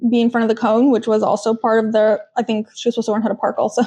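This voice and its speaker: A woman hosting a podcast, chatting casually and retelling funny moments with quick quoted voices. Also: fairly high pitch. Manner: animated storytelling with quick quoted voices and laughs. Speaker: podcast host. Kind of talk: casual recap chat. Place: home kitchen.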